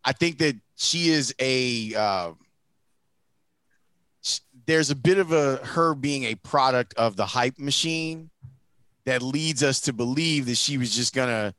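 A man's voice: mid-range voice, measured pace, sharp tone, no echo. A man, a guest on a podcast, exclaiming in disbelief and arguing his points. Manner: incredulous, exclaiming, then arguing. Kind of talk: casual podcast banter.

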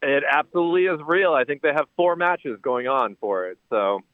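A man calling in by phone to a talk show, upbeat and halting, with plenty of fillers as he promotes his sports show. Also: on the high side, expressive, no room sound. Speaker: caller, sports show host. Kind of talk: phone-in chat. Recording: tinny phone line.

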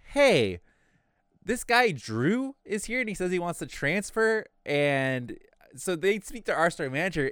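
Swearing liberally and voicing other people's lines, this young man recounts something from work in an animated, casual conversation. His voice is on the high side, clear and resonant, recorded cleanly in a studio with no echo.

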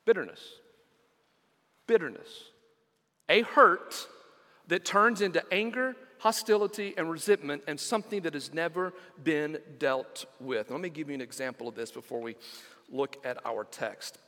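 A man's voice: fairly high pitch, moderate pace, pushed and bright, long reverb tail. A middle-aged man, preaching a sermon as pastor, telling stories and repeating words for emphasis.

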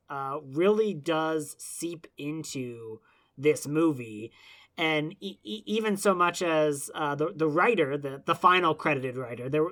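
A man's voice: fairly high pitch, fairly bright tone. A man co-hosting a casual film podcast, talking in long rambling runs with many restarts and fillers. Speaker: podcast co-host.

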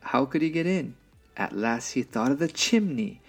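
A man reading a children's picture book aloud, expressive, with sound effects and sung rhymes. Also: mid-range voice, normal speed, breathy edge, faint music behind. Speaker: story reader.

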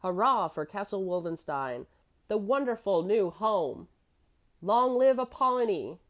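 A woman reading the part of an excitable, cheerful boy who cheers at the top of his voice. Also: deep voice, fairly quick, slightly rough, full character voice. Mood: jubilant. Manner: shouting cheers, energetic.

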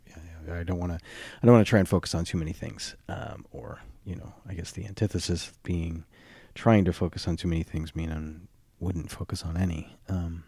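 Low, groggy morning-voiced man hosting. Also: fairly even intonation, gravelly, mellow, husky, no room sound, clean studio sound. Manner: halting, many fillers and restarts. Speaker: podcast host. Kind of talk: solo podcast talk.

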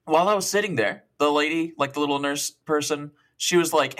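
A young podcast co-host in his twenties, his voice fairly high and his delivery a little fast, rambles through a long, profane anecdote. He retells it casually and with animation, quoting plenty of dialogue.

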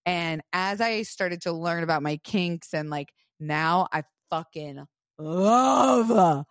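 Animated giggly woman. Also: lowish voice, takes it slowly, dry recording, studio quality. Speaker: podcast co-host. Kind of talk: casual live podcast chat. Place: live show venue.

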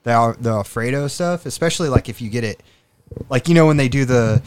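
A man with a plain mid-pitched voice, co-hosting a relaxed podcast. He talks in a chatty way, leaning on fillers and casual cursing as he explains himself. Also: brisk, background noise. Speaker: podcast host. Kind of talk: casual chat.

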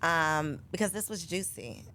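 A woman's voice: fairly low pitch, measured pace, bright, forceful tone, a little hiss or hum. A woman hosting a podcast in a studio, chatting playfully and using casual slang. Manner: playful, uses slang like y'all and sis. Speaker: podcast host. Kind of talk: casual chat.

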